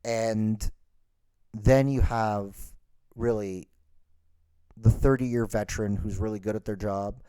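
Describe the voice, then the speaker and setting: A man's voice: lowish voice, fairly even intonation, slow pace, long pauses, warm tone, smooth, dry recording. A man hosting a podcast, ranting in an exasperated, sarcastic way. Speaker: podcast host. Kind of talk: ranting monologue.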